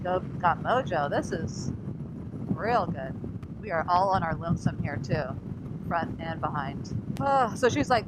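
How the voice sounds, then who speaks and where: On the open road, a scooter-riding woman vlogs an animated, casual story, often laughing and voicing the people she quotes. Her pitch is fairly low and her pace measured, with wind and the engine audible in the recording.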